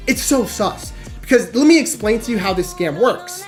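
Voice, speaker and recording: A young man recounting a story on a livestream, animated and conversational. He leans on fillers like "literally" and "right?". His voice sits fairly high for a man, with faint music under it. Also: moderate pace. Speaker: streamer.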